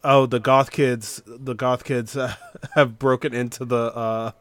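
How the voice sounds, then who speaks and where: Podcast cohost guy, smooth clear voice, keeps restarting his sentences. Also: medium pitch, flat delivery, takes it slowly. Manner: rambling, many fillers and restarts. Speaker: podcast co-host. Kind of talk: casual chat about music.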